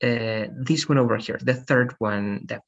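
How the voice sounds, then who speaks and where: A man runs an online English lesson, slowly modeling words and gently correcting his students. His voice is a little husky and the call audio sounds dull and lo-fi. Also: mid-range voice. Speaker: English teacher. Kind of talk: online class, pronunciation coaching. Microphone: video call.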